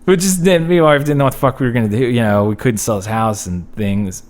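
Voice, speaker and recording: A man's voice: mid-range voice, quick pace, crowd noise. A young man telling a personal story in casual podcast chat, profane and self-mocking. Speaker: podcast guest.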